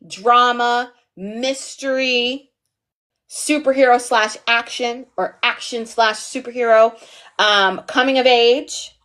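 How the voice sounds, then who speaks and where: A woman's voice: on the high side, a bit bright. Chatty playful woman teaching a live class. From US East Coast. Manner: chatty, playful, digressive, lots of "like" and "okay?". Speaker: online TV pitching instructor. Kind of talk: casual livestream lesson.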